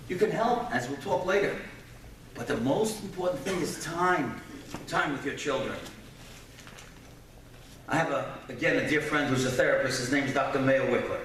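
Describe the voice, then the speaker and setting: A man, a rabbi and keynote speaker, giving a lecture with personal stories, animated, then dropping to hushed tones for sad parts. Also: a little high. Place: large event hall. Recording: echoey hall from far off, faint noise.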